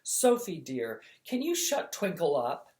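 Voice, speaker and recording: A reader doing a brisk commanding princess. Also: mid-range voice, big pitch swings, a little mellow, reverberant.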